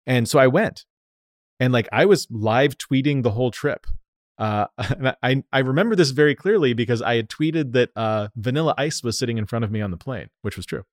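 A man from the United States, a company founder, telling stories in an animated, lively way during a casual interview. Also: medium pitch, brisk, no room sound, clean studio sound. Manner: animated, lively storyteller who acts out quotes.

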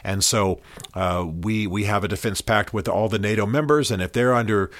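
A lowish-voiced American podcast host works through current events solo at a moderate pace, recorded dry. His commentary is blunt, opinionated, and conversational, with fillers throughout.

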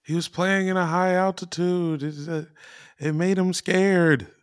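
A man co-hosting a comedy sports podcast who throws in dry one-liners. His voice is a little high. The sound is close and dry. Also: fairly even intonation, a little slow, smooth, dry recording. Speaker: podcast co-host.

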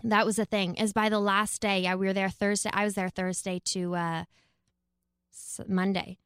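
A woman's voice: medium pitch, little pitch movement, moderate pace, fairly bright tone, clear, resonant tone, dry recording, studio quality. A woman co-hosting a podcast in casual, upbeat chat, laughing easily. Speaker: podcast co-host.

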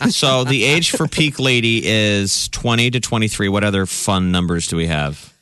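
A man's voice: on the low side, moderate pace, pushed and bright, clean tone, no echo. Chatty Southern man co-hosting. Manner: chatty, reads out study figures with asides. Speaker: podcast host. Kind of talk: casual chat.

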